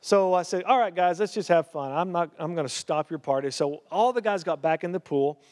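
A man's voice: high-pitched, fairly quick, a little mellow. A man pastor telling a personal story in a sermon, then preaching with growing fervor. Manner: storytelling, rising to fervent preaching. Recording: long hall reverb.

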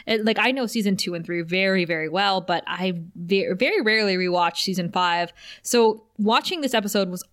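A woman with a mid-range voice co-hosts a podcast. She recaps a TV episode in a loose, chatty way. She is animated and laughs easily. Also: mid-range voice, brisk. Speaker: podcast co-host. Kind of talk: casual episode recap chat.

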